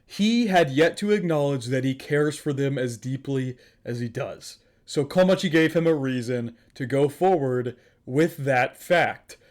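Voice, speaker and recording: A man's voice: medium pitch, measured pace, hardly any pauses, darkish tone. Man, anime reactor, emotional, keeps repeating himself, casual talk.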